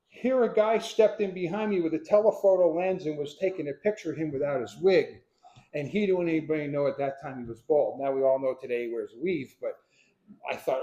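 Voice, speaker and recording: An older man from Pennsylvania tells stories to a live audience in a lively way, acting out the voices of the people in them. His voice sits a little high and sounds mellow, and the room echoes around him. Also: a little fast. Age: 60s. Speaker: speaker telling his life story. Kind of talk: storytelling talk to a live audience.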